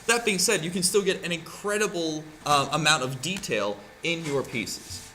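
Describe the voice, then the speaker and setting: A man's voice: a little high, normal speed, pushed and bright, a little hiss or hum. A man teaching a craft class in a casual, chatty way, often checking in with "right?" as he demonstrates. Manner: chatty, keeps asking "right?". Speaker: art teacher.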